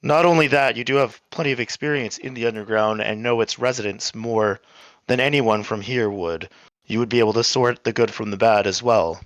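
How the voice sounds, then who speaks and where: Guy at a tabletop game, kinda low voice, hesitant, lots of ums, dry sound. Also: fairly quick, no room sound. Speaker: player. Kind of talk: casual chat in a tabletop game.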